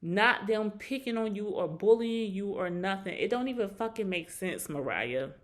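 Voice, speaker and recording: A woman casually recapping a reality show reunion, animated and acting out quotes in a higher voice. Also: normal speed.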